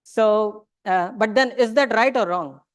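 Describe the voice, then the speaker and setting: Smooth-voiced woman teacher. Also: fairly high pitch, a little slow, dry recording, studio quality. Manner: questioning the audience, mixing in Hindi phrases. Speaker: religious teacher. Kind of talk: interactive lecture to a class. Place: temple lecture room.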